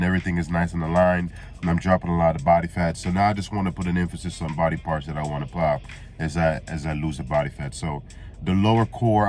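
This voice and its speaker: Low-pitched and a bit dark in tone, this male fitness trainer leads a relaxed workout session. Allergies leave him congested, and he keeps tacking "man" and "all right?" onto his lines.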